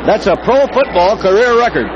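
A man calling a football game live as play-by-play announcer, getting excited on big plays. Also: high-pitched, moderate pace, muffled recording. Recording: old broadcast with loud crowd and noise.

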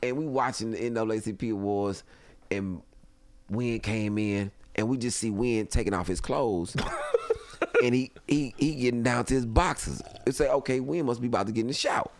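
A man telling a funny story in casual chat, animated and laughing often, acting out other people's voices. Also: medium pitch, moderate pace, dry recording. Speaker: comedian guest. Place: home studio.

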